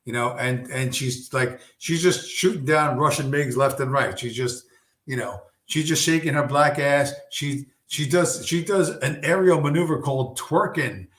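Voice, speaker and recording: A man's voice: fairly high pitch, moderate pace, fairly bright tone. Profane, rambling man with roomy echo. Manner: profane, rambling, full of fillers. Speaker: streamer. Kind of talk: casual rambling monologue.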